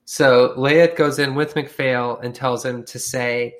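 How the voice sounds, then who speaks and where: A man spinning a comic story in loose, slangy, profane talk, with a mid-range voice. He jumps into quick voices for the people in his tale. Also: medium pitch, steady tone. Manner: profane, slangy, acts out characters with shifting voices. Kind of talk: casual comedic storytelling.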